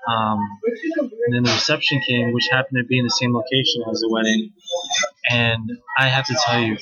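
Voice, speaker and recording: A man's voice: medium pitch, level tone, brisk, highs cut off. Chatty man rambling over crowd noise. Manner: rambling and chatty, with many "like"s and slang. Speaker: wedding guest recounting his sister's wedding. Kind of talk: casual solo monologue.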